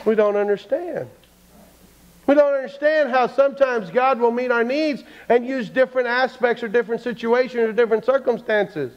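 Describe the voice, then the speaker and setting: A man's voice: very high voice, normal speed, slight background noise. A man preaching a sermon as pastor, telling a story and acting out the people in it. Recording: dull lo-fi church stream.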